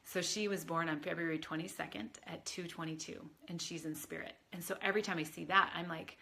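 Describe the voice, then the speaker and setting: A woman's voice: lowish voice, steady tone, fairly quick, gravelly, few pauses, pushed and bright. A woman spiritual advisor talking casually on a livestream, chatty and rambling with many fillers, answering viewers. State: tearful at times.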